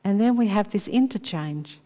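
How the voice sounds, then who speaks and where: A woman preaching a sermon in a measured way, slowing down to dwell on key phrases. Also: medium pitch, expressive, warm tone. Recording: long reverb of a large hall.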